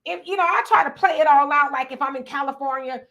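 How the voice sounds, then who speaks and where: A middle-aged woman co-hosting a casual talk show, telling a story in an animated, dramatic way. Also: high-pitched, fast talker. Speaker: co-host.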